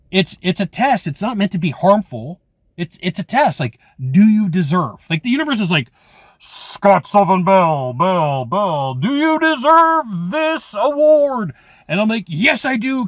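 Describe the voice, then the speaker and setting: A man's voice: on the high side, no echo, clean studio sound. A man in his forties giving a casual, rambling motivational talk about sales, full of "like" and "okay". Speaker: sales trainer.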